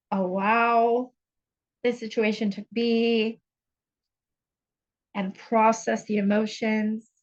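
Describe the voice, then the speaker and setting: A woman's voice: medium pitch, dull audio. A woman spiritual coach giving an earnest, intense, confessional teaching monologue, blunt and unafraid to swear.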